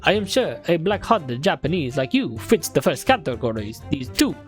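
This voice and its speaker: Imagine a woman reading out a scornful braggart from a game, pompous and lecturing. The voice is fairly low and swings widely, with game music underneath. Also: big pitch swings, normal speed. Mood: boastful. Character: boastful, scornful man who brags about bravery.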